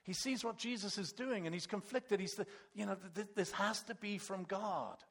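A man's voice: sits high, moderate pace, creaky, fairly bright tone. A middle-aged man preaching a conversational sermon, acting out quoted voices as he goes. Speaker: pastor.

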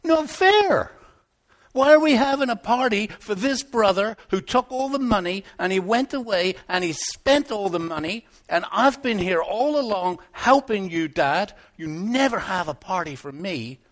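An indignant older brother who feels cheated complains in a string of sharp questions, as a preacher acts him out. The voice sits high and pushes hard. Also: male voice, animated, a little slow. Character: resentful older brother, young man, indignant.

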